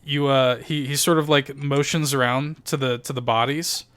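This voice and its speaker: A man's voice: medium pitch, steady tone, normal speed, fairly bright tone, clear, resonant tone. A man narrating a tabletop role-playing game as game master, in a loose, chatty way full of fillers.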